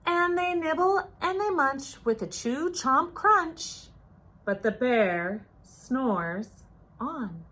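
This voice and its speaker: A woman reading a children's picture book aloud, playful and expressive with the rhythm of the rhymes. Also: high voice, extremely slow. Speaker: storyteller.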